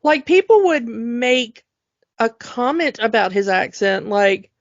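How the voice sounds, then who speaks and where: Slow-talking woman ranting on a podcast. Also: a little high, no echo. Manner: animated, emphatic, ranting. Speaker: podcast co-host. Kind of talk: casual chat. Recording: dull lo-fi dry sound.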